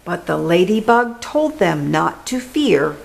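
A woman reads a rhyming picture book to children, keeping a steady bouncing rhythm. Her pitch is lively and swings widely through each line. She goes slowly, giving every word time to land. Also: vocal fry, low-quality recording. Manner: animated, rhythmic, with playful animal sounds. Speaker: children's story reader. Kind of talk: picture book read-aloud.

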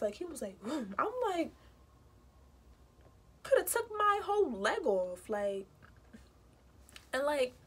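Animated high-voiced young woman. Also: slight background noise. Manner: animated, indignant storytelling with quoted voices. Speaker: vlogger. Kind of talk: casual storytime.

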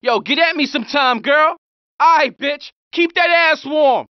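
A brash high street thug. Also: male voice, unhurried, dry recording. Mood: casual greeting. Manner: slangy trash talk, threatening. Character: young male street criminal, brash and hostile. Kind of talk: game pedestrian voice lines. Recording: dull lo-fi game audio.

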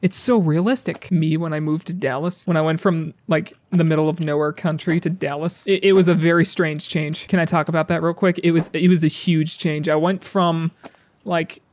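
A man giving sarcastic, profane commentary while playing a game, often yelling at the game characters. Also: fairly high pitch, fairly even intonation, moderate pace. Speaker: gaming YouTuber. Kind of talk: casual gameplay commentary.

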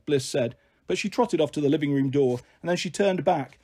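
A man narrating a children's novel in a gentle first-person storytelling manner. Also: on the high side, brisk, slightly rough. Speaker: story reader.

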